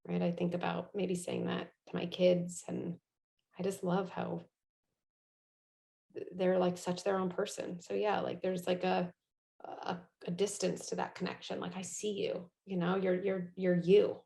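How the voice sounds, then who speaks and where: A middle-aged woman speaking as an interview guest, reflective and full of fillers. Her voice stays level in pitch and carries a gravelly edge. She thinks aloud, restarting her sentences as she goes. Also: completely flat delivery, unhurried, mellow. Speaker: guest, parenting psychologist. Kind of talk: conversational interview.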